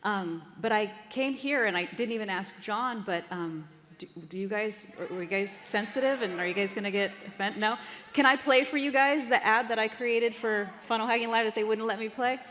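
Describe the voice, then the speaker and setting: A woman's voice: on the high side, normal speed, fairly bright tone. A woman giving an upbeat, chatty marketing talk from a conference stage, addressing the audience. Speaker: conference speaker. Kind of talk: live marketing presentation. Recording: reverberant hall.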